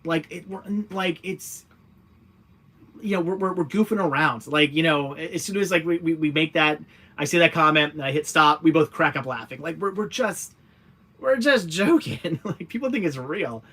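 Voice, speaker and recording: A man's voice: a little high, moderate pace, sharp tone, husky. Rambling man hosting a casual livestream. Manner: rambling, many fillers and restarts, laughs easily. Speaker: livestream host reading viewer comments.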